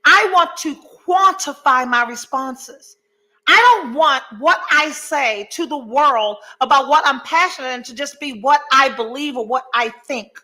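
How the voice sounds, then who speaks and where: A high, bright-toned woman in middle age hosts a podcast in a candid motivational monologue. She talks bluntly and swears freely, hammers her points with emphasis and wanders into asides before coming back to the point. Her voice stays light and ringing throughout. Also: a little slow, low-quality recording. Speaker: podcast host.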